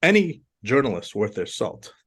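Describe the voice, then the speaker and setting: A man's voice: mid-range voice, big pitch swings, moderate pace, fairly bright tone, husky. A man from Afghanistan, a podcast guest in casual conversation, telling emphatic stories and often repeating words as he builds a point.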